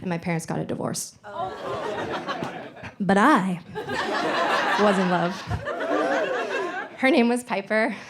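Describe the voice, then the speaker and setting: A woman's voice: mid-range voice, takes it slowly, long pauses. Woman, 20s, stand-up comic, filler-heavy chatty delivery, stage mic, noisy live audio. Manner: chatty, lots of "like", playful storytelling. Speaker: stand-up comedian. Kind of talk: stand-up comedy. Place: theater stage with live audience. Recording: noisy live theater recording.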